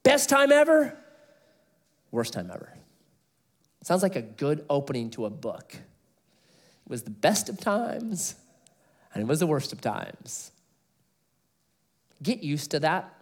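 A middle-aged man preaching an expository sermon, telling stories with animated delivery and laughing at his own jokes. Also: a little high, takes it slowly, long pauses. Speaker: pastor.

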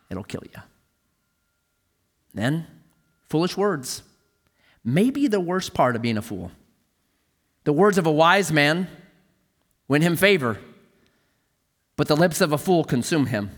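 A man preaching a sermon as a pastor, telling stories with animated energy and dropping to a hush for emphasis. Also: medium pitch, in a large hall.

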